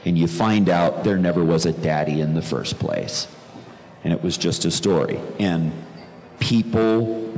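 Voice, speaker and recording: A man's voice: sits low, darkish tone. A man telling a personal story in an earnest, reflective way, repeating phrases for emphasis. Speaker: speaker telling his conversion story. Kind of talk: personal testimony talk. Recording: long reverb in a large room, faint background noise.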